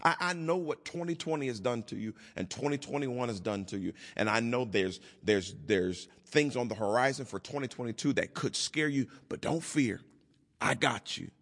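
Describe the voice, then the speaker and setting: A man preaching a sermon in a low, emphatic voice. His words ring out with a long hall reverb. He acts out the voices of the people he quotes. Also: fairly bright tone. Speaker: pastor.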